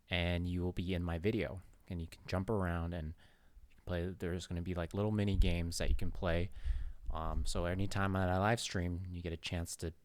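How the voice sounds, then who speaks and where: A young man with a low voice hosts his own YouTube channel, rambling playfully to camera in casual chat and swearing now and then. The recording has no room sound.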